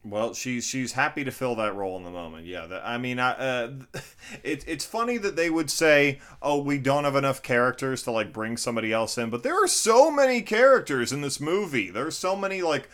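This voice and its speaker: A man co-hosting a casual movie review chat, speaking thoughtfully and stammering now and then. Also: fairly quick. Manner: thoughtful, stammers at times, lively pitch swings. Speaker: podcast co-host.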